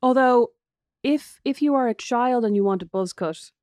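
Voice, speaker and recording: An Irish woman co-hosting a casual podcast chat, an animated storyteller who acts out the voices in her anecdotes. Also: fairly high pitch, moderate pace, dry recording, studio quality. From Ireland. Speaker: podcast co-host.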